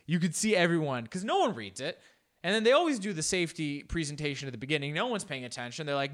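A man reacting to a news clip in casual commentary, joking and jumping into exaggerated voices. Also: quick pace. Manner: animated, joking, jumps into exaggerated high-pitched voices. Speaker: reaction video host.

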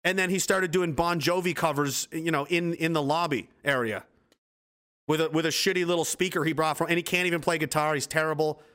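Man in his twenties, streamer, heated and sarcastic, swears a lot, fairly high voice. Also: fairly even intonation, fairly quick, bright, forceful tone. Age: 20s. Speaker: livestream host. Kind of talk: angry political rant on a livestream.

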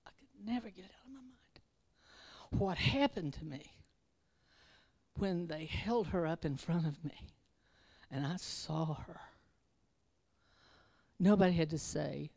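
A woman's voice: lowish voice, slow pace, vocal fry, pauses often, a little mellow. A woman preaching an informal sermon in a rambling, conversational way, restarting herself and building into fervent exhortation. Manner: self-interrupting, restarts verses.

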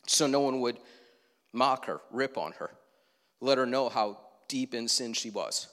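A man's voice: mid-range voice, fairly bright tone, long reverb tail. A man preaching a sermon from the pulpit in a conversational way, asking his listeners questions and adding asides. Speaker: pastor. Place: church sanctuary.

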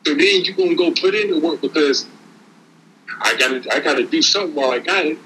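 A man talks in a casual, preachy, streetwise way, stacking repeated words as he drives home a lesson. His voice sits a bit high and rings bright and forward. A faint hiss runs underneath. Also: fast talker, low-quality recording. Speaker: podcast co-host. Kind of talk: casual motivational talk.

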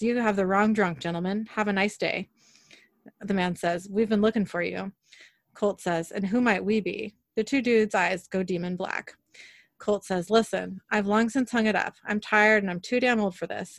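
A woman with a medium-pitched voice hosts a podcast, casually recapping a TV episode by narrating its scenes and quoting characters' lines in her own voice. The sound is clean studio quality with no echo.

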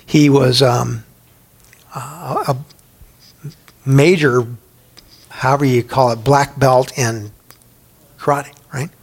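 A man's voice: mid-range voice, fairly even intonation, slow, gravelly, pauses often, husky. A middle-aged man from Texas teaching a Bible study in a chatty way, asking his listeners questions and telling anecdotes. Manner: chatty, asks the audience questions, tells anecdotes.

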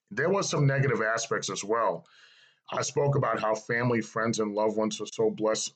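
A middle-aged man with a somewhat low voice tells his own story in a personal testimony. He speaks earnestly and reflectively and repeats key phrases for emphasis. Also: a bit bright, poor audio.

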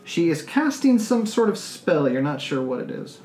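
A man narrating a tabletop game as game master, spinning relaxed, descriptive scenes at a middle pitch. The room rings with echo, and faint music plays underneath. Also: moderate pace.

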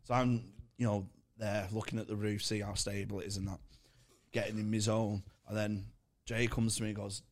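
A man, a comedian co-hosting a podcast, swearing freely while he tells animated anecdotes. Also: on the low side, normal speed. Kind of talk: casual chat, swearing anecdotes.

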